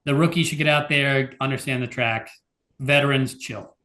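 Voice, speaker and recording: A man's voice: medium pitch, steady tone, normal speed, pushed and bright. A man with a mid-range voice co-hosts a podcast in loose, casual chat. He leans on fillers and sounds exasperated as he rambles through his points. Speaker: podcast co-host.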